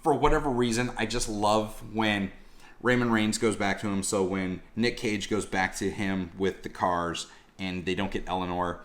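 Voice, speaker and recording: A man telling casual vlog stories in a slangy, animated way, swearing freely. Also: fairly low pitch, normal speed, slight background noise. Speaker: collectibles vlogger.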